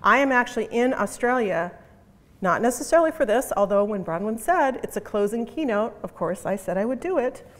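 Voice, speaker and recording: A woman's voice: fairly high pitch, expressive, a little fast. A middle-aged woman giving a conference keynote talk in an emphatic, punchy way, repeating her key phrases. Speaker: conference speaker. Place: conference hall. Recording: long reverb of a conference hall.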